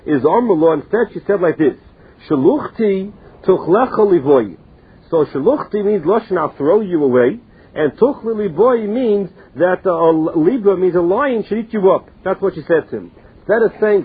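High, breathy male Talmud teacher, chanting and translating text. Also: animated, moderate pace, narrow, tinny audio. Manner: sing-song study chant mixing languages.

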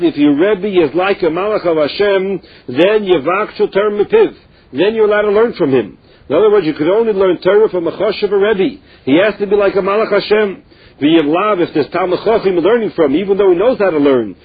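In a dull, lo-fi recording, a man with a husky voice that's high for a man teaches Talmud. He chants every line of the source slowly, then lays out its meaning plainly, rendering the Aramaic into English.

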